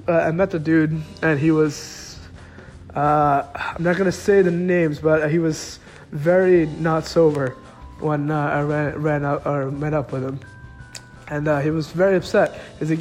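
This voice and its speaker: A man's voice: on the high side, flat delivery, unhurried, a little mellow, faint music behind. A young man telling a personal story in a casual, rambling way, full of filler words.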